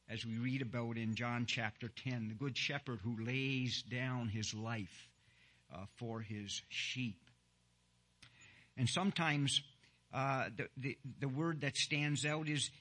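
A man preaching a sermon and leading prayer, halting and earnest, with many "uh" fillers and slow emphasis on key words. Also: medium pitch, fairly bright tone. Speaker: pastor.

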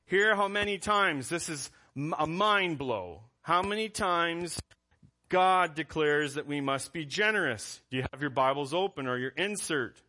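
Bright-voiced male pastor preaching. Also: fairly high pitch, a little slow. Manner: conversational preaching, reads scripture aloud. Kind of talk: sermon.

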